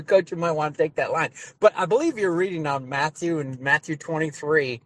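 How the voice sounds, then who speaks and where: A man's voice: on the high side, a little fast, hardly any pauses, a bit bright. A man who is a pastor, preaching with emphatic repetition and sudden rising bursts during a group discussion on a video call.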